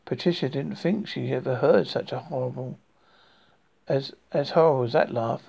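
A man's voice: medium pitch, moderate pace, vocal fry, darkish tone, slightly rough. A man hosting a horror podcast, reading a story aloud with frequent stumbles and restarts.

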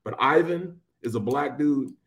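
A man's voice: mid-range voice, a little slow, creaky, fairly bright tone. A man co-hosting a casual sports talk show, easygoing and full of "man" and "bro". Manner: laid-back, peppers talk with "man" and "bro". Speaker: co-host. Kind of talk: casual sports radio chat.

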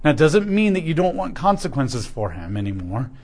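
A male preacher with a somewhat high voice delivers a sermon. He tells a story in a relaxed, chatty way and keeps asking his listeners questions. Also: a little fast. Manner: conversational storytelling, with asides to the congregation. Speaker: pastor.

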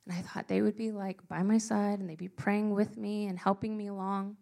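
A young woman telling a personal story to a live audience, earnest and emotional, slowing down for emphasis. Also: medium pitch, level tone, gravelly, mellow. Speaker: speaker sharing a personal story.

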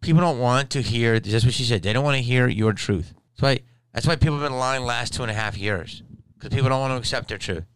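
A tired man, a podcast host and stand-up comic, ranting and telling a story in a profane, animated way with sudden loud outbursts. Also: medium pitch, fast talker, slight background noise. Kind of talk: casual ranting monologue.

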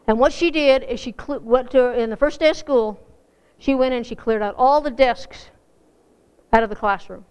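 A woman's voice: on the high side, smooth. A woman preaching a folksy, earnest sermon to a congregation, rising to fervent emphasis. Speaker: church speaker.

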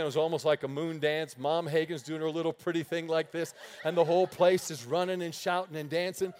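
A middle-aged man preaching, telling lively stories and laughing his way through them. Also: a little high. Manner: animated storyteller, laughing through his anecdotes. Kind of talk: storytelling sermon.

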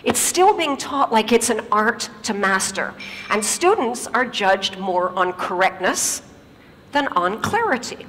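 A woman's voice: mid-range voice, a little slow. Woman giving a talk in an echoey hall. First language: English. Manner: lively storytelling, addresses the audience with questions. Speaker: speaker. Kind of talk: stage talk.

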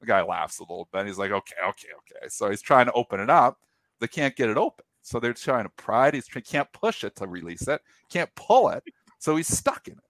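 A man's voice: medium pitch, brisk, no room sound. A man hosting a show, casually telling a long funny anecdote and acting out the quotes. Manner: animated anecdote with acted-out quotes and restarts. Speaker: show host. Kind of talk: casual storytelling on a market show.

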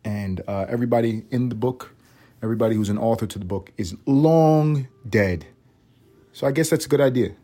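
A man's voice: medium pitch, fairly quick, warm tone. A young adult man hosting his solo podcast in a casual, rambling monologue, swearing often and joking at his own expense. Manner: profane, rambling, self-mocking. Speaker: podcast host.

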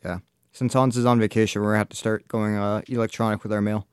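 Fast-talking low-voiced male co-host. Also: level tone, a little mellow, clean tone, no room sound, clean studio sound. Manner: steers talk back on topic. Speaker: podcast co-host. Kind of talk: casual chat.

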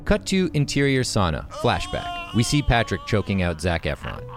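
Male host narrating stage directions, lowish voice, lively delivery, brisk. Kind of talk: reading screenplay-style scene directions.

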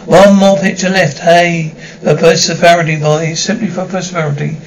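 A woman's voice: fairly low pitch, steady tone, moderate pace, a little hiss or hum, natural voice, rough recording. An actress playing a greedy, scheming wife who mourns her husband sarcastically and theatrically, in 1950s TV drama style. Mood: mock grief.

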